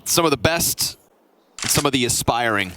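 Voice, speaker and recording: A man calling an esports match play-by-play, fast and rising to shouts at big plays. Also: mid-range voice, animated, heavy background noise. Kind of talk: live esports commentary.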